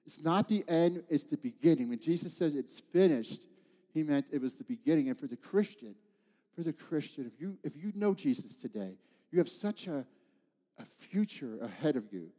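Brief: male pastor, 50s, slightly high voice, heartfelt storytelling sermon, long hall reverb. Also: animated, normal speed, warm tone. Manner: heartfelt storytelling with call-outs to the congregation. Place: church.

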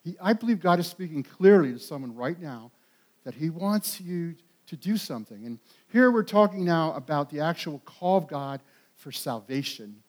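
A man with a high voice preaches to his congregation. His delivery is animated and emphatic, swelling to loud peaks with repeated words and quick restarts. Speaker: pastor. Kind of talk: sermon.

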